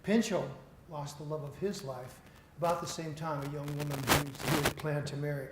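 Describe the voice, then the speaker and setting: A man's voice: on the high side, fairly even intonation, normal speed. Middle-aged man giving a chatty keynote. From Seattle. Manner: conversational, self-deprecating storyteller. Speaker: keynote speaker. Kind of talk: conference keynote lecture. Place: lecture hall with audience. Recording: echoey hall, faint noise.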